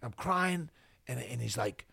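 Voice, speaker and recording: Telling a personal story with plenty of energy, the New Jersey fitness coach, middle-aged and a podcast guest, acts out quoted dialogue in an animated manner. He sounds unhurried and husky, with vocal fry at medium pitch, in a dry, studio-quality recording.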